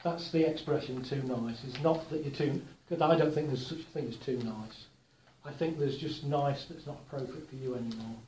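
A man giving a relaxed, chatty talk to a live audience, telling anecdotes with gentle humour. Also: medium pitch, normal speed, hardly any pauses, echoey room, a little hiss or hum, poor audio. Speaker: workshop speaker.

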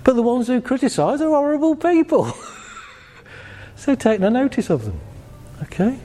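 A man's voice: very high voice, normal speed. A man giving a jokey, conversational motivational talk to a live audience, acting out voices as he goes. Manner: animated, conversational, jokey, acts out quoted voices. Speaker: motivational speaker. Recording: long hall reverb.

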